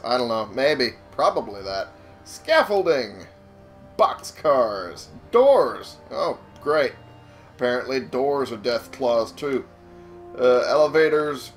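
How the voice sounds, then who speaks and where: A young man giving casual, rambling commentary while playing a video game, swearing and laughing often. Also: mid-range voice. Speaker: let's-play gamer. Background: game music.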